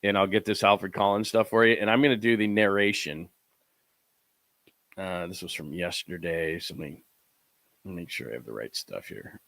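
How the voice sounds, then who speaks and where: A man with a bright, forceful voice hosting a casual sports show, talking his audience through practice clips. He rambles, fumbles with his files, and slips into quick impressions of the coaches and players. The sound is dry and close. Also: low voice, vocal fry, no echo. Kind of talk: casual live-stream commentary over video clips.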